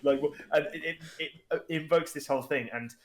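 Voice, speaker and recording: A man's voice: a little high, a little fast, a bit bright. A man co-hosting a casual tabletop gaming podcast, chatting loosely with many restarts. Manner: chatty, rambling with restarts, acts out players' lines. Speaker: podcast co-host and game master.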